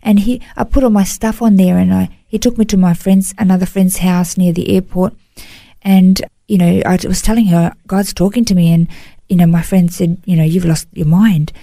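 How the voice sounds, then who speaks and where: A woman's voice: on the low side, fairly even intonation, normal speed, creaky, dark tone, no room sound. A woman, an interview guest, giving an earnest, emotional personal testimony and often saying "you know". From Australia.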